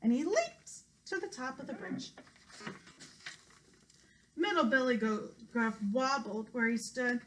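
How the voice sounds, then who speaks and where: Bright, expressive woman reading aloud. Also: high-pitched, slow, pauses often, a little hiss or hum, poor audio. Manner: expressive, sing-song storytelling. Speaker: preschool teacher. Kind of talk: children's read-aloud narration.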